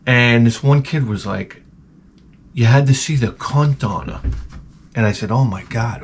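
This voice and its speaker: A man telling rambling comedic stories in a profane, animated way, often slipping into mocking voices. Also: fairly low pitch, normal speed, a little hiss or hum. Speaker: retro gaming vlogger.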